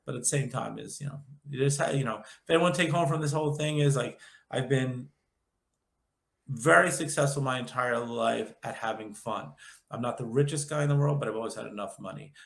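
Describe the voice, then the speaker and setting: A man's voice: medium pitch, brisk, creaky, a bit bright, roomy sound. A man in his fifties with a nasal New York accent, rambling upbeat and jokey as an interview guest. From Long Island, New York. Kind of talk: casual interview chat.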